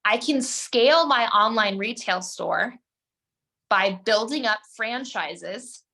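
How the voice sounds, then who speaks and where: A woman's voice: on the high side, takes it slowly, bright, forceful tone. A woman coaching her team on a video call, direct and emphatic, speaking straight to her listeners. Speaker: network marketing team coach. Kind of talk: motivational team call talk.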